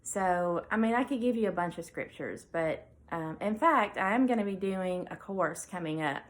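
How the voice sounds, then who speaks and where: A woman veterinarian hosting her own show, talking casually about faith and reading scripture aloud between thoughtful pauses. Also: fairly low pitch, lively intonation, poor audio. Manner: conversational with fillers, reads scripture aloud. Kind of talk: casual devotional talk.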